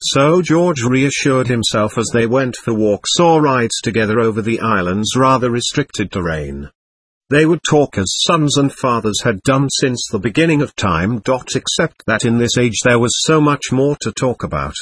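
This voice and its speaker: Husky, expressive male audiobook narrator. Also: mid-range voice, no echo. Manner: expressive, measured storytelling. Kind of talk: scripted narration.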